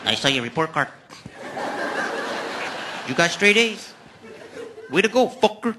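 A man's voice: high voice, big pitch swings, a little slow, noisy background. A man doing a cheerful Mexican father who casually swears while praising his kids, on a live comedy stage. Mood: proud. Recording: live club recording with crowd laughter.

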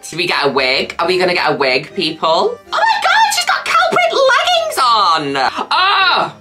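A woman with a strikingly deep, bright voice that swoops up and down. She reacts out loud in a camp, exclamatory way, cheering and teasing with cheeky swearing, and faint music sits behind her. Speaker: host reacting to videos. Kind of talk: reaction commentary.

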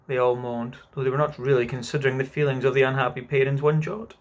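A man reading a children's novel aloud as narrator, expressive and unhurried. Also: fairly high pitch, vocal fry. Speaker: audiobook narrator. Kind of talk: scripted narration.

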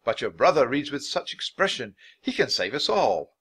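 A man's voice: medium pitch, sing-song, normal speed, a bit bright, husky, voice pushed up, exaggerated voice. A man reading a storybook aloud, voicing a kindly, theatrical playwright with a courtly, old-fashioned manner.

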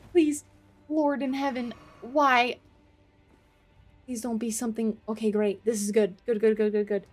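A woman streaming a video game live, reacting with excitable, panicky commentary, laughing and swearing often. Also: on the high side, normal speed, long pauses, faint music behind.

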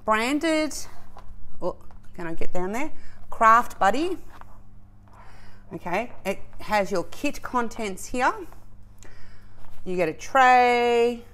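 An excitable, chatty woman hosting a casual home unboxing vlog, talking to her viewers at a camera set up a little away. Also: on the high side, poor audio. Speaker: craft channel host.

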